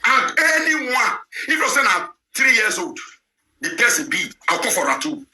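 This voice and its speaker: Ranting Nigerian Pidgin man, bright and lively. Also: extremely high pitch, moderate pace, echoey room. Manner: ranting, firing rhetorical questions. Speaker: online show presenter. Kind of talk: heated live talk.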